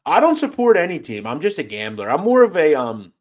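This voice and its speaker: Reading out his live chat, this American streamer fires back blunt, sweary replies with obvious exasperation. His voice sits on the high side, swings hugely in pitch and moves briskly.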